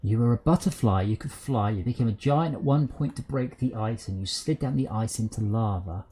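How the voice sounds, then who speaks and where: A man's voice: on the low side, normal speed, dark tone, husky. A man hosting a casual gaming stream, chatting and rambling aloud with lots of fillers while he sorts out game problems.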